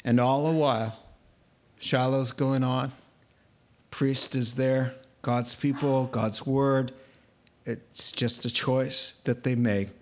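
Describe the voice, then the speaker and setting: A man preaching a sermon, telling the story in a lively way and acting out the voices he quotes. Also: medium pitch, slow pace. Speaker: pastor.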